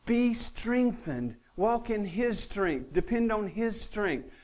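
Male pastor, slightly high voice, earnest sermon delivery with dry humor and wide dynamic swings. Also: sing-song, takes it slowly, darkish tone.

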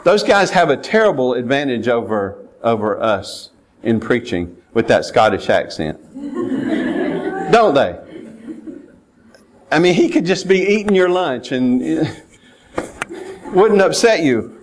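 A man's voice: medium pitch, very animated, takes it slowly, pauses often, a little hiss or hum. Earnest man preaching a sermon. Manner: earnest, repeats words while reading scripture aloud. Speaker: pastor.

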